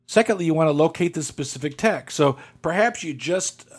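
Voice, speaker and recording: A man's voice: fairly high pitch, lively intonation, a little fast, husky. A man teaching a Bible study class, walking listeners through reference tools step by step, with occasional fillers and restarts. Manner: methodical, walks through numbered steps with fillers. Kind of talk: instructional lecture.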